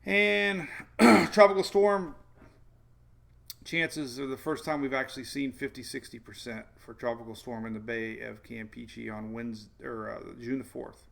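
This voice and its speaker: A man's voice: medium pitch, steady tone, normal speed, vocal fry, a bit bright. A man hosting a casual weather livestream, rambling through forecast maps, chuckling and answering viewers' chat. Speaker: weather show host.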